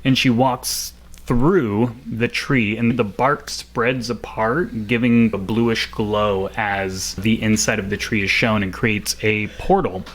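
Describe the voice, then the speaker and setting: A man's voice: lowish voice, fairly even intonation, takes it slowly, a bit bright. A man narrating a tabletop game as game master, casual and full of fillers.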